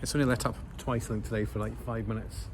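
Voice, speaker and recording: Speaking fast in a steady, medium-pitched tone, a Scottish travel vlogger gives casual narration while walking outdoors through rainy streets and a station. He rambles along with many fillers, and clear street noise fills the outdoor recording.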